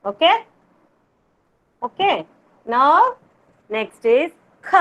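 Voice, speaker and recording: Slow, high-voiced Indian teacher woman. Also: lively intonation, dull audio. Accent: Indian English. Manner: slow, drawn-out drilling of words, patient repetition. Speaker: kindergarten Hindi teacher. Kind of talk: online class teaching children.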